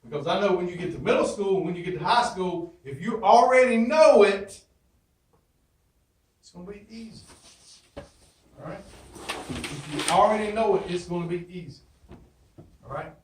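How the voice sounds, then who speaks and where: A high-pitched man speaks to his class from a distance, his voice bouncing around a roomy classroom. He talks emphatically, drills catchphrases and throws questions back at his students. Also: animated, normal speed, pauses often. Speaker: teacher. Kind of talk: motivational classroom talk. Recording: roomy echo, from far off.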